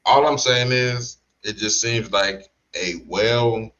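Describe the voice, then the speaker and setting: A man talking slowly in slangy casual podcast chat, drawing out his points. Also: medium pitch, fairly bright tone, muffled recording. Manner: slow, drawn-out storytelling with slang and restarts. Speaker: podcast co-host.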